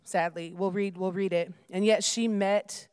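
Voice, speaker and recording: A woman's voice: mid-range voice, steady tone, measured pace, a little mellow, smooth, no echo, studio quality. A young adult woman preaching a sermon, talking informally to the room, praying and reading scripture aloud. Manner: informal, addresses listeners as y'all, prays and reads aloud.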